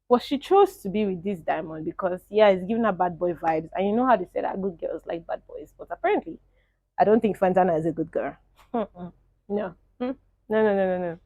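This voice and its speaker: A young woman, giving animated, opinionated casual commentary as a show reviewer and laughing often. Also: lowish voice, a little fast, no echo, narrow, tinny audio.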